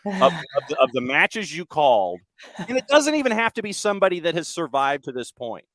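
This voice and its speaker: A man's voice: a little high, very animated, a little fast, fairly bright tone, no room sound. A middle-aged man hosting a sports talk show, asking long rambling questions with frequent restarts. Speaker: radio show host. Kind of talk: casual interview chat.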